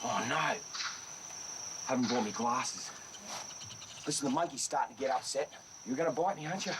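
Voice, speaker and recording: A man's voice: mid-range voice, normal speed, pauses often. Aussie guy out in the jungle, all fired up, chatting to a snake like it's his mate, faint hiss behind. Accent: Australian. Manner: enthusiastic, talks fondly to the animals. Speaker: wildlife presenter. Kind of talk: excited on-location wildlife commentary. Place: outdoors in jungle.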